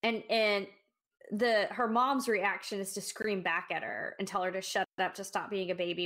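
A woman with a medium-pitched, slightly bright voice keeps a steady tone and moderate pace while co-hosting a podcast. Discussing a short story casually, she muses aloud and frequently starts over.

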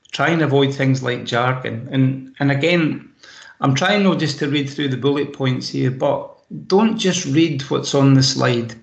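A Scottish presentation skills trainer gives practical tips drawn from anecdotes during an online session, speaking through a laptop microphone on a video call from a room at home. His mid-range voice has some vocal fry, and the room sounds echoey.

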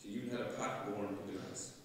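A man, reading a fond, gently humorous eulogy for his mother at a funeral Mass. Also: lowish voice, steady tone, a little fast, a little hiss or hum. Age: 50s. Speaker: son giving a eulogy. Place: large church. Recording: echoey church, voice from far off.

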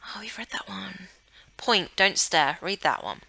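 A young gameplay YouTuber from Cornwall, England, with a Cornish accent, chats casually through a let's-play, coaxing her character along and sometimes dropping to a whisper. Her medium-pitched voice has lively intonation, a measured pace, and a gravelly, pushed, bright quality with a breathy edge, recorded dry.

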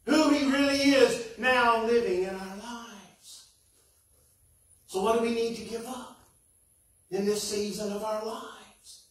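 Pastor, male, earnest preacher, high voice, caught far off in a reverberant sanctuary. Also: fairly bright tone. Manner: earnest, rising and falling preaching. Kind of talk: sermon. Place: church sanctuary.

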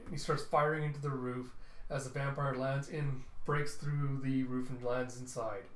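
A man's voice: mid-range voice, steady tone, normal speed, echoey room. A man reading through a comic book, narrating the panels and voicing each character as he goes. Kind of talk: dramatic comic readthrough.

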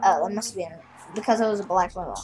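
A woman's voice: mid-range voice, racing, darkish tone, a little hiss or hum, poor audio. A woman chatting casually as a guest while she plays a game, with an offhand, chatty manner. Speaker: guest player. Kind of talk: casual gameplay chat.

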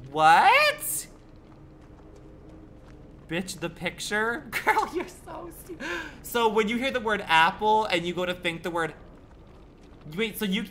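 A gaming livestreamer chats casually with his viewers while playing, sassy, campy and profane, tossing out rambling rhetorical questions. His voice is high with a sharp tone, and there's a little hiss or hum on the audio.

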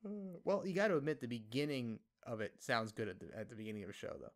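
A man's voice: medium pitch, fast talker. A man hosting a podcast, asking rambling, teasing questions in a friendly, casual way. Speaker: podcast host. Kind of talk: casual interview chat.

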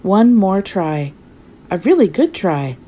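A woman reading a storybook as a clumsy, cheerful male character, telling his own tale of mishaps in a lively, rueful way. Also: mid-range voice, takes it slowly.

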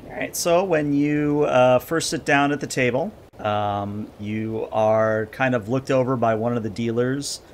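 Relaxed male game master, filler-heavy delivery, faint low rumble. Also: measured pace, hardly any pauses. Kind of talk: narrating a tabletop game.

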